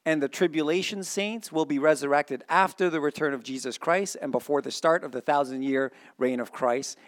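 A man preaches in a fairly high pitch, reading from scripture and testing his listeners with questions. As a pastor, he moves back and forth between excitement and quiet sincerity.

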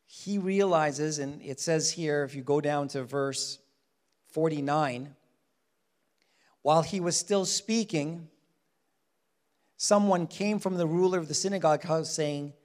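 A man preaching a Bible-teaching sermon in an animated way, often acting out the people he quotes. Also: a little high, unhurried, pauses often. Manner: animated, acts out quoted voices.

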